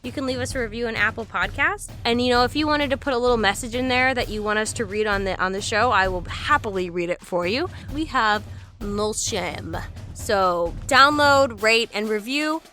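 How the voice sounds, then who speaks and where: A woman co-hosting a podcast in a lively, candid way, casually chatting and swearing now and then. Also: a little high, fairly quick, hardly any pauses, faint music behind. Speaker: podcast co-host.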